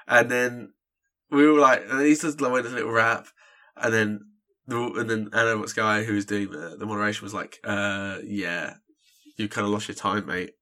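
A man's voice: medium pitch, bright, forceful tone. A man co-hosting a podcast, telling a rambling story in casual chat full of "like". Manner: rambling storyteller, many "like" fillers. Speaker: podcast co-host.

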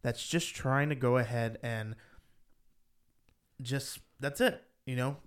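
A man's voice: slow pace, clear, resonant tone. A man co-hosting a podcast, chatting casually and rambling with lots of "like", his voice rising when he gets worked up. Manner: rambling, heavy use of "like", rises in pitch when animated. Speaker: podcast co-host. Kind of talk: casual chat.

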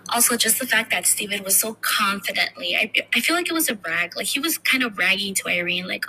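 Woman podcaster, very bright, tense tone, casual and profane. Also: medium pitch, normal speed, few pauses, a little hiss or hum, rough recording. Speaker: podcast host. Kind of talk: casual chat.

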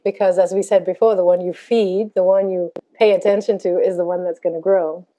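Woman life coach, mellow and warm, calm and gentle delivery, explaining ideas in a reflective podcast chat. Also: lowish voice, a little fast, lo-fi sound.

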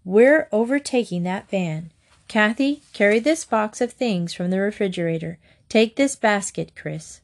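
A woman reading aloud, voicing a brisk, nervous mother who gives clipped orders. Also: medium pitch, animated.

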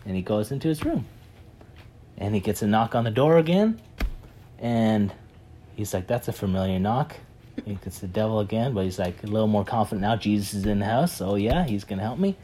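A man telling a parable in a casual, animated way, with many fillers and repeats. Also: lowish voice, brisk, a little hiss or hum. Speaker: speaker retelling a parable. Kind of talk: animated storytelling talk.

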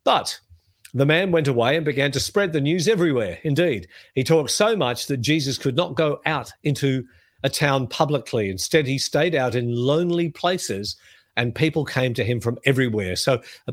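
A middle-aged man teaching the Bible on a podcast, telling the stories in a lively way and reading scripture aloud. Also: medium pitch, no echo.

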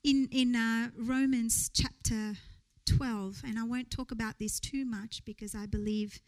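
A woman's voice: a little high, steady tone, measured pace, poor audio. A woman preaching a sermon in church, earnest, building to rising rhetorical questions.

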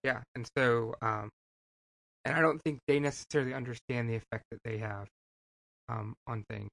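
A man's voice: mid-range voice, fairly even intonation, normal speed, creaky, a bit bright. A man co-hosting a casual podcast chat, rambling with many fillers. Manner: rambling, full of fillers like "like" and "you know". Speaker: podcast co-host.

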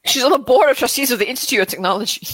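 A woman reacts excitably to a film, gasping and exclaiming as the scenes play. Her voice is high and husky and leaps around in pitch. The recording is dry, with no room sound. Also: rapid-fire, no room sound, low-quality recording. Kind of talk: casual reaction chat.

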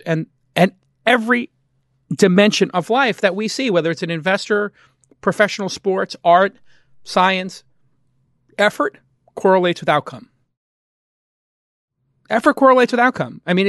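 A man from Brooklyn hosting a podcast, giving emphatic, animated opinions in casual interview talk. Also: on the high side, dry recording, clean studio sound. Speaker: podcast host. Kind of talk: casual interview and host-read ad.

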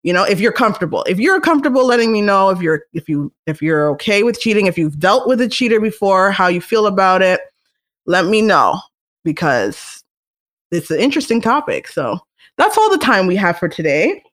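A young woman hosting a solo podcast, talking casually in a chatty, animated way. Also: mid-range voice, fairly quick. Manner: chatty, animated, restarts and laughs. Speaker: podcast host.

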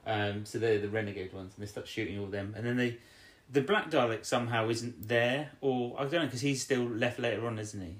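A man's voice: medium pitch, brisk, few pauses, roomy sound. A man casually recapping a TV episode, rambling and correcting himself, often ending with tag questions. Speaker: podcast co-host.

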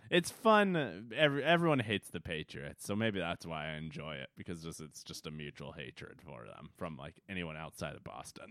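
A man's voice: sits low, very animated, moderate pace, vocal fry, hardly any pauses, a bit bright, no echo. A man co-hosting a podcast in casual chat, laid-back, laughing often and trailing off into mumbles. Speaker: podcast co-host.

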